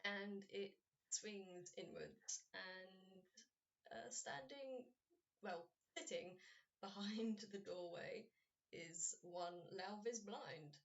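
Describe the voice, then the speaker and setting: A woman's voice: medium pitch, extremely slow, distant mic, muffled recording. A woman narrating as game master of a tabletop game, rambling with many fillers and frequent giggles.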